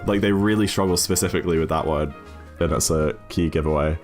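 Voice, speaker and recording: Low-voiced British streamer chatting. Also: male voice, fairly quick, a little mellow, soft background music. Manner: chatty, apologetic, reads chat aloud. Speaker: streamer, speedrunner. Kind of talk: casual live-stream chat.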